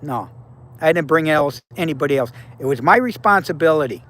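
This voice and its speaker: A man's voice: on the high side, lively intonation, fairly quick, fairly bright tone. A man in his seventies talking casually to viewers on a livestream, blunt and profane, handing out life advice. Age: 70s. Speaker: livestream host.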